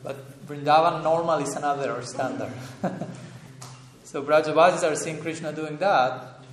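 A man giving a relaxed talk on scripture as a spiritual teacher, thoughtful, chuckling often and searching for words. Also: fairly high pitch, measured pace, a little hiss or hum. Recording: roomy echo, faint room ambience.

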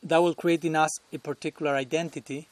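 A man's voice: on the high side, steady tone, fast, dry recording. A man giving a devotional lecture at a temple as a swami, chuckling often and talking conversationally while searching for words.

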